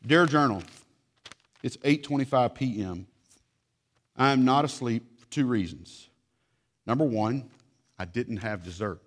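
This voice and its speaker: A man's voice: medium pitch, lively intonation, a little slow, long pauses. A man voicing a young child reading a dramatic journal entry, whining and pleading about dessert. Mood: whiny. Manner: pleading, melodramatic sing-song.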